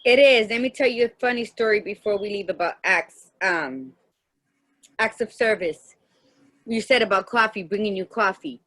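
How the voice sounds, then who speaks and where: A woman's voice: medium pitch, lively intonation, moderate pace, a bit bright. A woman co-hosting a casual podcast chat, telling heartfelt personal stories and acting out the dialogue in them. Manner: heartfelt storytelling, acts out dialogue. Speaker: podcast co-host.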